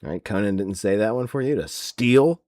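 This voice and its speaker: A man's voice: fairly low pitch, normal speed, a little mellow, no echo, studio quality. A man hosting a wrestling podcast, ranting sarcastically in casual chat with many fillers. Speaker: podcast host.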